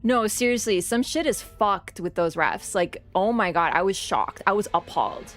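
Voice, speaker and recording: A woman's voice: medium pitch, normal speed, hardly any pauses, faint music behind. A young woman streaming a game, chatting casually and ranting with lots of fillers and swearing. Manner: animated, swears freely, rants with many fillers. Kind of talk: casual livestream chat.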